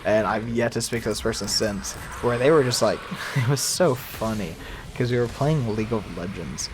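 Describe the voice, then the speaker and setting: A man's voice: medium pitch, slight background noise. Chatty young man rambling over gameplay. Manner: rambling, chatty, lots of fillers and laughs. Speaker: gaming YouTuber. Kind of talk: casual let's-play commentary.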